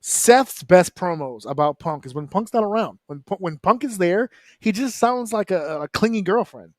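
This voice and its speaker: A fairly high-voiced man holding forth on a wrestling panel show, loose and profane, jumping into little impressions of wrestlers as he argues. His voice sounds close and dry, with hardly any room around it. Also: no echo. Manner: animated, profane, mimics wrestlers in quick asides. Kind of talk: casual round-table chat.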